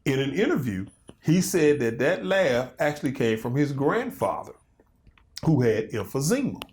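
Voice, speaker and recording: A man in his fifties chats casually as an interview guest, spinning stories in an animated, loose way. His voice sits at an ordinary middle pitch for a man. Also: normal speed, a little hiss or hum. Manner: animated storytelling, loose and conversational. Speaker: comedian and guest.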